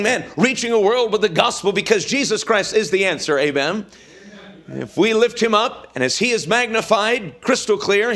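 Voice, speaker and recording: A man's voice: high-pitched, fairly bright tone. A man preaching a revival sermon in a church, with an emphatic, repetitive cadence. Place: church sanctuary.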